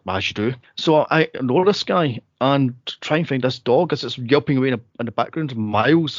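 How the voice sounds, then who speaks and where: A Scottish man, a podcast co-host, telling a spooky story in casual chat, animated and swearing freely. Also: medium pitch, brisk, few pauses, no echo, highs cut off. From Scotland.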